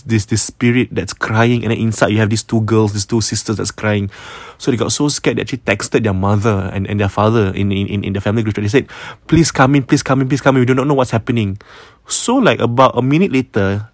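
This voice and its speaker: Low-voiced Malaysian man telling ghost stories. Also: fast talker, few pauses, no echo. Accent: Malaysian English. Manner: chatty, mixes Malay words, frequent restarts. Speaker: ghost story narrator. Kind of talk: casual storytelling.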